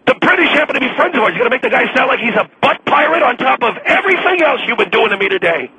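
A man's voice: extremely high pitch, very animated, very fast, bright, forceful tone, slight background noise, pitched above the performer's own voice, full character voice, poor audio. A man voicing an irate middle-aged male radio station boss who scolds and rants in exasperation, in a radio comedy sketch. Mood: exasperated.

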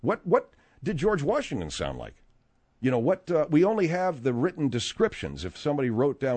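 Talk radio guy rambling on, lots of uh and restarts, really animated pitch. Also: fairly quick. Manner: rambling, many fillers and restarts. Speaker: radio host.

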